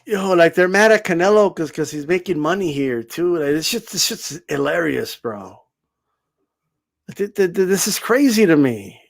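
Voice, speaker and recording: A man's voice: on the high side, animated, moderate pace, gravelly. Sarcastic, swearing man ranting. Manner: sarcastic, profane, mocking. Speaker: boxing YouTuber. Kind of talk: casual rant to camera.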